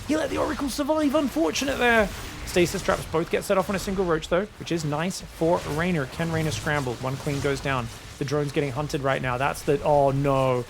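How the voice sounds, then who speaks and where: A man casting a strategy game match solo, excitable and chatty, often calling out to his viewers. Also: fairly high pitch, moderate pace, few pauses, background noise. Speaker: esports caster.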